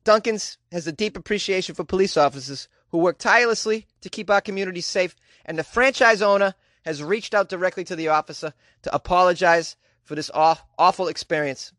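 A man's voice: sits high, brisk, hardly any pauses, a bit bright, no room sound. A man putting on a broad Boston news reader. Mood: mock-serious. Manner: exaggerated, mock-outraged, wry asides. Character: man doing an over-the-top Boston-accented news reader.

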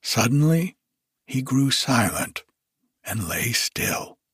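A man reading a fairy tale aloud as a bedtime story, in an unhurried, expressive way. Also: mid-range voice, slightly rough, no echo, studio quality.

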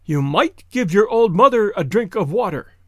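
Man putting on an old island woman, plaintive, slow, high and lilting, dry close sound. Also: sing-song, a bit bright, dry recording.

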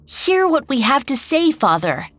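A woman voicing a calm, polite young prince in a storybook tale, speaking simply and with quiet confidence. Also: high-pitched, a little slow, dry recording, pitched above the performer's own voice, full character voice. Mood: calm, earnest.

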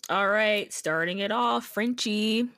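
A young woman co-hosting a podcast, giving casual shout-outs with short agreeing replies and laughing along. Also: medium pitch, slow, no echo, clean studio sound. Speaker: podcast co-host.

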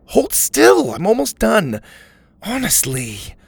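A man reading a story voices a bossy, quick-tempered young woman who scolds sharply. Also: low-pitched, big pitch swings, slightly rough, no echo, heavily acted. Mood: scolding.

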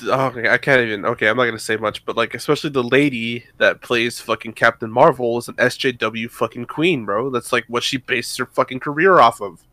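A man's voice: medium pitch, a little fast, hardly any pauses, sharp tone, dry recording. A man arguing heatedly on a casual podcast, defensive and swearing often. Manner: profane, defensive, argumentative. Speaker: podcast co-host.

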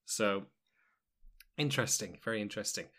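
A podcast host with a lowish, bright, pushed voice talks at a normal speed in casual chat. He rambles, cracks wry jokes, and fills his talk with fillers and asides.

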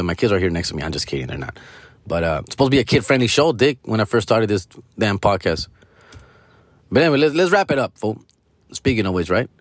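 A man's voice: on the low side, no echo. A man hosting his own comedy podcast, telling a rambling, profane story and calling his listeners fool and bro. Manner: loose, rambling, heavy swearing, calls listeners fool and bro. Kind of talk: casual profane storytelling monologue.

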